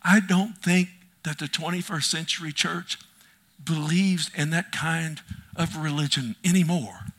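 A middle-aged male preacher delivering an impassioned sermon, swinging from loud cries to hushed near-whispers. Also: a little high, steady tone, measured pace.

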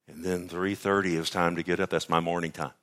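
Low-voiced man preaching; theatrical shifts from shouting to near-whisper, altar-call prayer. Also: little pitch movement, fast talker. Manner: dramatic swings from loud exclaims to hushed whispers. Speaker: pastor. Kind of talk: sermon. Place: church service.

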